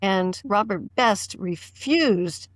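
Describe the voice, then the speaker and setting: A woman's voice: mid-range voice, animated, drawn-out words, no echo. A woman fan on a podcast panel, chatting casually and retelling scenes from the show.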